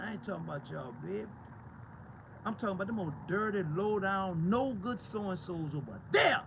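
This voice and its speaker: Fiery, gravelly high-pitched male preacher. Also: expressive, moderate pace, noisy background. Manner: combative, profane, repeats rhetorical questions. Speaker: pastor.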